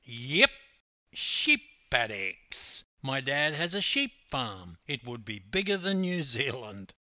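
A man's voice: mid-range voice, sing-song, slow, pushed and bright, no room sound, clean studio sound, exaggerated voice. An older man with an Australian accent voicing a brash, boastful Australian man who teases people. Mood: cocky. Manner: cocky, boastful, teasing. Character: brash joking Australian man, loud show-off.

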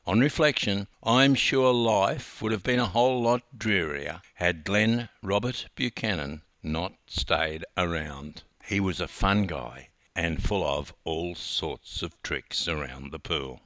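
An older Australian man, a former swim coach, reading his own memoir aloud with wry, animated storytelling. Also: deep voice, slow, few pauses, dry recording, studio quality.

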